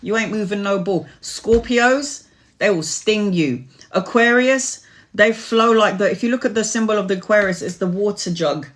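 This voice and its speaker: A woman's voice: medium pitch, normal speed. Earnest woman giving spiritual advice. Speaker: tarot reader answering live chat questions. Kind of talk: casual live-stream chat. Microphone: phone or webcam live stream.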